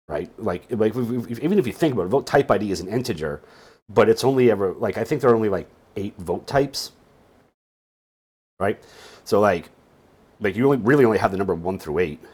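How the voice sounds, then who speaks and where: A deep, slightly husky man talks through a casual tutorial, sounding sleepy. His delivery wanders up and down a lot, with wry little jokes tossed in between explanations. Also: lively intonation, a little fast, darkish tone. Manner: rambling, with wry joking asides. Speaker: database instructor. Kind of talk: casual screen-share tutorial.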